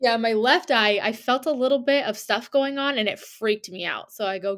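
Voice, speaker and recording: Animated young woman telling a story. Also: on the high side, normal speed, few pauses. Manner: animated retelling with quoted voices and laughter. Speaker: podcast co-host. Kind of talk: casual chat, storytelling.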